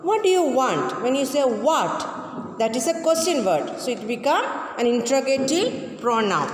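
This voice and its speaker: A woman teacher giving a grammar lesson, repeating each example sentence slowly. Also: high voice, sing-song. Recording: echoey room with long reverb.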